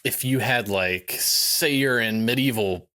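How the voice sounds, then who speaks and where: A man's voice: medium pitch, a little slow, pushed and bright. A man co-hosting a podcast in casual chat, rambling, restarting his sentences, swearing and laughing often. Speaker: podcast co-host.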